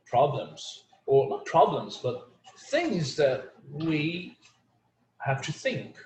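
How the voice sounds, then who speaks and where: A native Portuguese speaker teaches an online English class in a fairly high, sing-song voice, speaking slowly and filling his chat with "like" and "you know." The room is echoey, with faint ambience and slight background noise.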